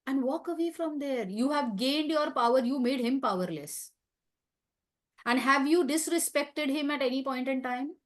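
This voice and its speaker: A woman's voice: high-pitched, lively intonation, normal speed. A woman giving a light-hearted teaching talk, emphatic and conversational, putting questions to her audience. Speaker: wellness talk speaker.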